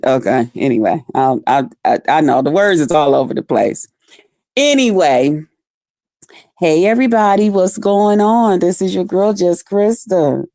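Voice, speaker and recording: A woman's voice: lowish voice, expressive, a little slow, dark tone, no room sound. Brash, cussing woman streamer, dry sound. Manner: profane, brash and talkative, reading out chat comments. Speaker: YouTube live streamer. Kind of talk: casual live-stream chat to viewers.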